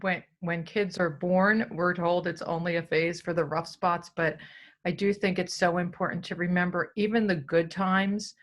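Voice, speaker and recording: A woman's voice: fairly low pitch, steady tone, moderate pace. A woman hosting a casual parenting video chat, thoughtful and reflective, laughing now and then. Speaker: parenting talk host.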